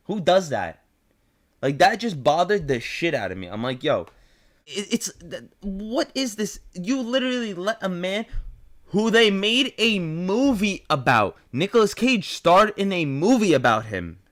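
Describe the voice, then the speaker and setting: A young man with a New York accent rants as host, incredulous and swearing, repeating himself as he builds up. His voice is high-pitched and sing-song, a bit bright, and a little slow.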